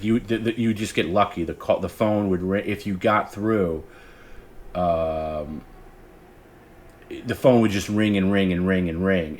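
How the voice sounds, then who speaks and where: A man in his forties with a low voice hosts a late-night livestream. He talks in a loose, meandering way, restarting his sentences and acting out remembered callers as he goes. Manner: rambling, self-interrupting storyteller who acts out quoted callers. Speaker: stream host.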